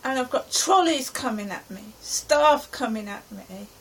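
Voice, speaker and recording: A woman's voice: fairly high pitch, expressive, a little slow, fairly bright tone, a little hiss or hum, rough recording. A middle-aged woman from England giving an anxious, rambling account of her day as a personal diary. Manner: anxious, rambling present-tense retelling. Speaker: vlogger.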